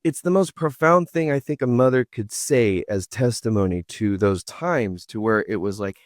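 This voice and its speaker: A man's voice: fairly low pitch, moderate pace, few pauses, dry recording, clean studio sound. A man hosting a talk show, asking long earnest questions and rambling with slangy asides. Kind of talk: casual interview talk.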